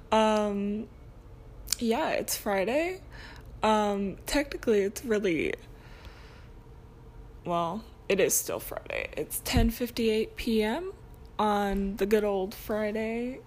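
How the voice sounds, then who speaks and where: A woman's voice: medium pitch, lively intonation, slow pace, pauses often, slight background noise. A young woman in college hosting her own podcast alone, chatting casually and rambling with lots of ums and self-corrections. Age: young adult. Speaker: podcast host. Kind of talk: casual solo podcast chat.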